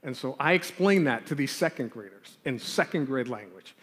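A man telling a lively childhood story in a sermon and then leading a prayer, acting out the scenes as he goes. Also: mid-range voice, normal speed. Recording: long hall reverb.

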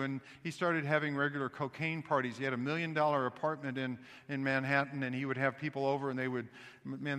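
A man from the American South with a Southern accent, preaching a sermon as pastor and telling a story with animated restarts. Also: mid-range voice, in a large hall. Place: church sanctuary.

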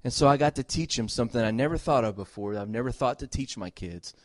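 An expressive middle-aged man preaches as a pastor, talking fast at medium pitch. He is earnest and emphatic, repeating phrases and shifting between loud exhortation and tender softness, in a dry, studio-quality recording.

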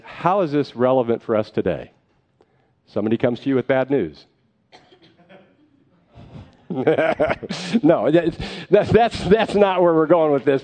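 A middle-aged man preaching a sermon as a pastor, retelling a story earnestly and with energy. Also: medium pitch. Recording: slightly dull lo-fi recording.

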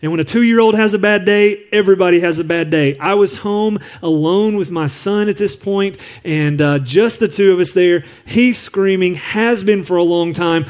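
A man's voice: high voice, moderate pace, few pauses, a little mellow, clear, resonant tone. A man preaching a sermon as a pastor, telling a personal story in an earnest, confiding way. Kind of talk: sermon on parenting. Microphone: recorded apart from the congregation.

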